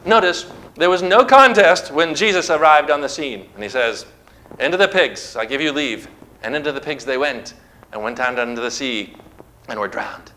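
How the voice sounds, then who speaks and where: A male preacher tells scripture stories with an emphatic, dramatic delivery. His voice is bright and sits a little higher than usual for a man. He slows down hard on the key words. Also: low-quality recording. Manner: emphatic, dramatic storytelling with slow stressed phrases. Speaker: pastor. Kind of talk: sermon.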